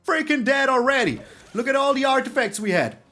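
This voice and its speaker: Excitable man with a lively, high voice. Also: brisk. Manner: excitable, exclamatory, repeats words for emphasis. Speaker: streamer playing a card game. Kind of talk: live gameplay commentary.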